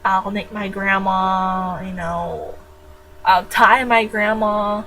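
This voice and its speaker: A woman's voice: medium pitch, fairly even intonation, slow, bright, forceful tone, a little hiss or hum, low-quality recording. A teenage girl chatting casually in her own vlog, rambling and jokey with frequent giggles. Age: teens. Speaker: vlogger.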